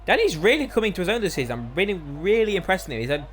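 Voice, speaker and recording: A man commentating live on an online racing league, excitable, his voice climbing whenever an overtake happens. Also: high voice, very fast.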